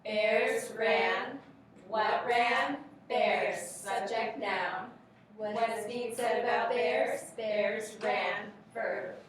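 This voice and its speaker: Group of women reciting in unison, very slow chant, far off in an echoey room. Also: female voice, a little high, slight background noise. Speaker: workshop participants reciting.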